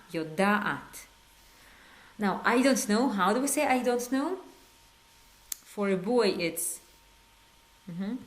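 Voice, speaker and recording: A woman teaching an online language lesson, coaxing learners with quiz prompts and slow drilled phrases. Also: mid-range voice. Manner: switches between slow drilled phrases and quick repeats. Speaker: Hebrew teacher.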